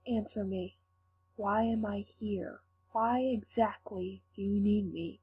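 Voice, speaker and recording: A woman's voice: medium pitch, steady tone, takes it slowly, close to an everyday voice. A woman voicing a defiant captive protagonist asking firm questions in a fanfic reading. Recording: tinny lo-fi with faint hum.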